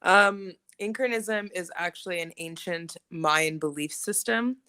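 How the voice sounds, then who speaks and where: A woman's voice: lowish voice, measured pace, sharp tone, clean tone, no room sound. A woman competing on an online comedy game show, telling an absurd story in a mock-solemn way. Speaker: comedian contestant. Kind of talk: improvised comedy banter.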